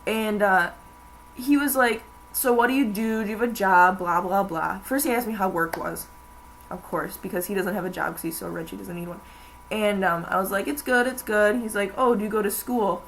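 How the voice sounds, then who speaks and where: A woman's voice: mid-range voice, moderate pace, a bit bright, slight background noise, rough recording. Rambling young woman vlogging. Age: young adult. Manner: rambling, chatty, many fillers. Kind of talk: casual chat.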